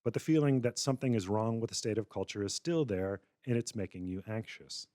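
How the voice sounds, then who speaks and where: A man's voice: fairly low pitch, fairly quick, dark tone, no echo, clean studio sound. A male lecturer giving a public talk, narrating a wry, satirical scenario. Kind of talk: public lecture, storytelling argument.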